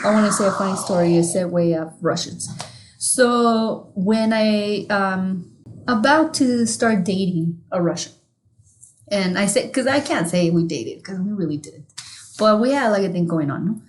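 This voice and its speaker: A woman's voice: mid-range voice, expressive, normal speed. Mexican-born woman, profane rambling storyteller. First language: Spanish. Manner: rambling, profane storyteller who laughs often. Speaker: podcast co-host. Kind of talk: casual chat.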